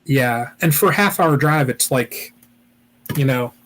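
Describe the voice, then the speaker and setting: A man's voice: medium pitch, measured pace, a bit bright. A man from Ohio hosting a weekly beekeeping live chat, rambling casually with lots of "you know" and restarts.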